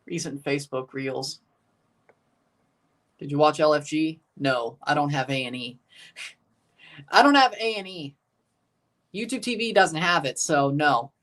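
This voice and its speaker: A man's voice: a little high, measured pace, long pauses, fairly bright tone. A man hosting a live match watchalong, chatting casually, rambling and answering his chat. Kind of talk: casual live reaction commentary.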